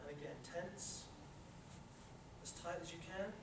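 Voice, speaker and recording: A sports psychology presenter speaks at a measured pace in a steady voice on the high side, leading a live audience in a lecture room through a relaxation exercise for handling anxiety. He repeats his instructions and checks they're following, and the recording is echoey, distant from the mic, and noisy.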